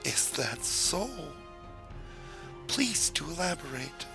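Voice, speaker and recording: A man's voice: fairly high pitch, steady tone, a little slow, gravelly, music in the background. A man voicing a touchy, skeptical male fae mage who speaks with dry sarcasm.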